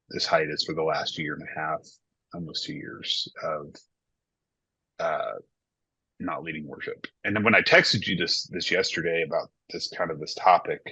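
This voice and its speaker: A man in his thirties speaks with a low, forceful voice, talking candidly and reflectively as a worship pastor in a casual podcast conversation. His tone is slightly husky. The recording is dull and lo-fi, with a dry sound. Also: no echo.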